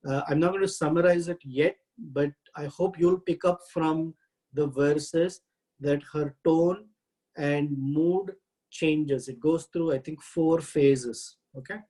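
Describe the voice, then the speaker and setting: A man teaching a scripture class, reciting Sanskrit verses and translating them with many halting pauses. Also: a little high, steady tone, warm tone, low-quality recording. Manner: halting, frequent "uh" pauses while explaining.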